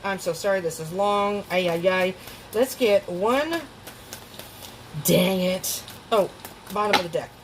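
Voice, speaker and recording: A woman's voice: medium pitch, unhurried, long pauses, rough recording. Tarot reader, woman, casual and emotional delivery, frequent laughs and restarts, faint background noise. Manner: chatty, emotional, laughs often, restarts sentences.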